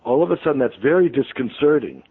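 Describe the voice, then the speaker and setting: A man's voice: medium pitch, very animated, fast, breathy edge. A man, a radio show guest, telling a long story in a rambling way full of ums and restarts. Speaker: interview guest, author. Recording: tinny phone line.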